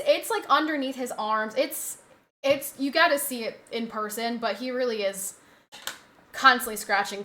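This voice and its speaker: A woman's voice: a little high, pushed and bright. A woman streamer chatting casually on a live stream from her home setup, often cooing at her dog in a doting voice.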